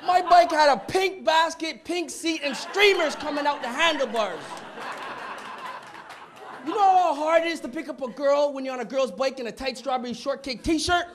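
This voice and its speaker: A man from Montreal performing a stand-up comedy routine on a club stage, punchy and animated, slipping into voices. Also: very high-pitched, normal speed, crowd noise. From Montreal, Canada. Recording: noisy live club recording.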